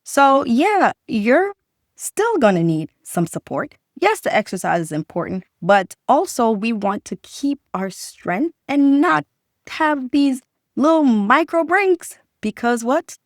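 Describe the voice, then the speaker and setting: A woman doctor with a fairly high, very lively voice that swings up and down as she talks. She is animated and conversational, firing rhetorical questions and doubling back on her points. The sound is dry and close, with no room in it. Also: slow, no room sound. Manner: repeats key points for emphasis. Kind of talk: direct-to-camera health talk.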